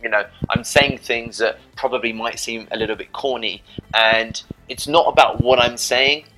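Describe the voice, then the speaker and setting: A man's voice: medium pitch, fairly even intonation, moderate pace, music in the background, poor audio. A man giving dating advice in a casual, rambling monologue to camera, often adding "you know" and "right?". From Britain.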